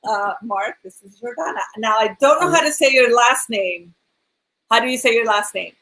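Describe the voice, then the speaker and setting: A woman's voice: fairly high pitch, normal speed, fairly bright tone, poor audio. A woman co-hosting a casual interview show, chatty and laughing often. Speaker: talk show co-host. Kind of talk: casual video-call interview.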